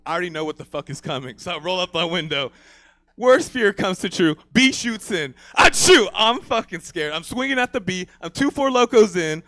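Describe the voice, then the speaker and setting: A man's voice: high-pitched, lively intonation, fairly quick, a bit bright, no echo. A man doing a crude stand-up comedy set, swaggering and laughing at his own jokes.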